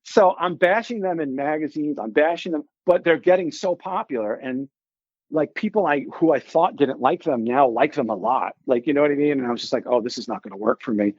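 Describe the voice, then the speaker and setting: A man's voice: a little high, fairly quick, dry recording. Rambling man in his forties telling stories. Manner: animated, rambling, with many filler likes and restarts. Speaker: guest musician. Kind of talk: casual storytelling. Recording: slightly dull, dry recording.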